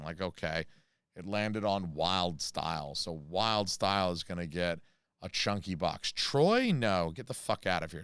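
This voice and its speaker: An American man chatting on a casual livestream, his voice a little low and smooth. He rambles and jokes with plenty of fillers, and the sound is dry and close. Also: fairly bright tone, dry recording. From United States. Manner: rambling, jokey, many fillers and asides. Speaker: channel host reading live chat.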